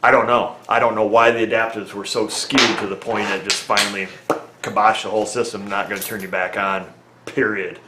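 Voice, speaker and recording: A low-voiced man talking shop as a mechanic, plainspoken and folksy, thinking out loud as he goes. His voice bounces around a roomy, echoey space. He keeps it casual and easy. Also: little pitch movement, a little fast, very noisy. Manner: plainspoken, folksy, talks through reasoning aloud. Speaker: auto repair mechanic. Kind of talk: casual talk to camera. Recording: echoey room.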